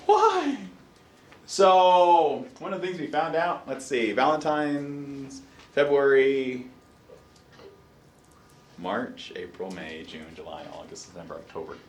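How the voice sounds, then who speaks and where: A man with a medium-pitched voice speaks slowly as he lectures a college psychology class, telling stories and acting out how he reacted. He quizzes the students throughout, and the recording is taken from a distance in an echoey classroom.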